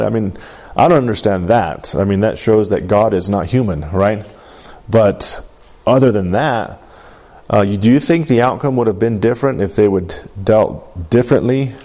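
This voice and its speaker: A man's voice: lowish voice, mellow. A man leading a Bible lesson, asking the group questions and tagging sentences with "right?". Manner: asks the group questions, keeps adding "right?". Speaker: Bible study teacher.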